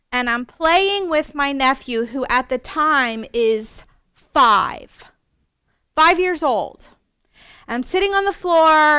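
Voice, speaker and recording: Middle-aged woman from west virginia telling a teaching story, high bright voice, dry close sound. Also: smooth, no echo. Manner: animated, self-mocking humor. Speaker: teacher trainer.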